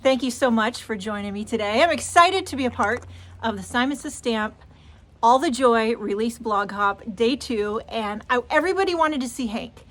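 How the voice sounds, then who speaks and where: A woman with a slightly high voice hosts a relaxed card-making tutorial. She chats warmly and eagerly, talking through each step as her hands stay busy. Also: normal speed. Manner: chatty and enthusiastic, explains steps as she works. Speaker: card-making channel host. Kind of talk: casual crafting tutorial.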